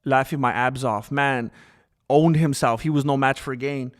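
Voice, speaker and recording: A man's voice: medium pitch, moderate pace. A man streaming live, arguing and ranting in casual commentary. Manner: animated, argumentative ranting.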